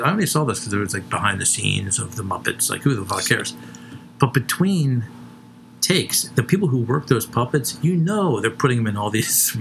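A man's voice: mid-range voice, creaky, a bit bright, slight background noise. A man co-hosting a comedy show, rambling through crude stories with lots of swearing and laughing at his own jokes.

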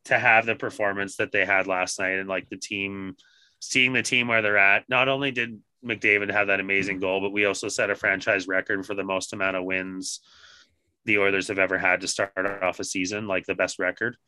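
A man on a podcast telling a story casually, swearing constantly and animated in his retelling. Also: low voice, brisk, smooth, dry recording. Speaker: podcast co-host.

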